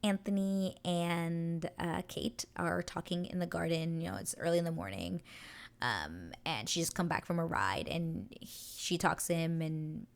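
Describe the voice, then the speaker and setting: A woman's voice: fairly low pitch, expressive, unhurried, vocal fry. A young woman hosting a show, casually recapping a scene in a gushing, breathless way. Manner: gushing, breathless retelling with acted quotes. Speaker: show reaction host.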